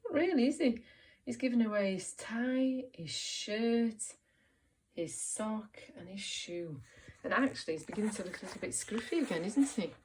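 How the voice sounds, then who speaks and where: A woman teacher giving an encouraging, expressive reading lesson to young children, asking them questions about the story. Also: medium pitch, normal speed. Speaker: primary school teacher.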